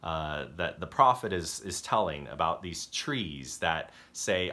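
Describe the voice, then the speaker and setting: A male pastor with a low voice delivers an unpolished, conversational sermon. He hesitates and restarts often, then breaks into lively acted-out character lines while retelling stories. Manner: halting, self-correcting delivery that acts out story characters.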